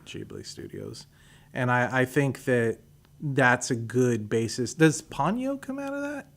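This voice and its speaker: Man, medium pitch, radio guest, casual chat, hesitant with restarts. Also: huge pitch swings, measured pace, vocal fry.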